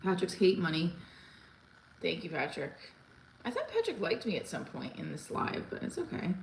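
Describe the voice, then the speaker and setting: A woman's voice: lowish voice, wildly swooping pitch, moderate pace, gravelly. A woman in her forties chatting casually on a livestream from home, rambling with lots of fillers and restarts. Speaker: comedian livestream host. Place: home room. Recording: echoey room with faint ambient noise.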